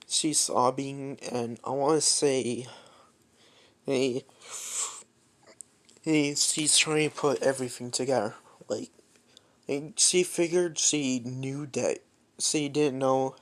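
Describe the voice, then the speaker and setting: A man's voice: medium pitch, steady tone, slow pace, pauses often. A young man improvising a fan story aloud, rambling with many restarts.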